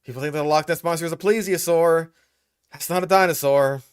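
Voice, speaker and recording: A man's voice: fairly high pitch, a little fast, smooth, dry recording, studio quality. A young man hosting a reaction commentary, exasperated and profane, picking apart what he hears. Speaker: host reacting to a video.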